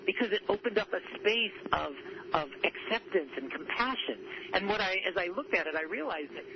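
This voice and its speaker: Talking about his book as an interview guest, a southern Californian man shares stories with earnest enthusiasm, frequently starting over and repeating himself. He has a high, expressive voice and a fairly quick pace, captured on muffled audio with faint noise.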